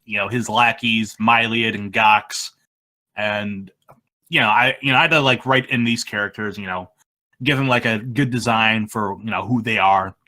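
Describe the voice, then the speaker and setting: A man being interviewed about his machinima videos, talking in a rambling, halting way that trails off mid-sentence. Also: medium pitch, sharp tone. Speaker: machinima creator, interview guest. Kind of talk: casual interview chat.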